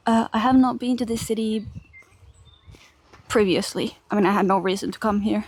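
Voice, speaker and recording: This chatty young woman from Finland is live streaming IRL as she walks through a park, phone camera in hand, laughing easily and addressing her chat. Her mid-range voice moves at a moderate pace, broken by long pauses.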